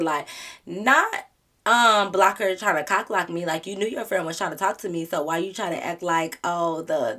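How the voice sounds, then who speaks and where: A young adult woman vlogger telling a storytime to her viewers in casual chat, animated and dramatic, laughing often. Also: medium pitch. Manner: talks straight to her viewers.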